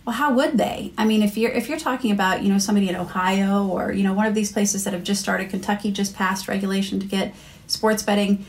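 A woman's voice: medium pitch, fairly even intonation, fast. An American woman, a guest on a podcast interview, talking casually and telling anecdotes with many fillers and restarts. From United States. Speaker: marketing executive guest.

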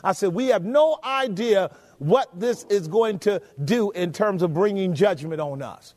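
A man's voice: high voice, measured pace, darkish tone. A man preaching a sermon, emphatic, often asking the congregation rhetorical questions. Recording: long hall reverb.

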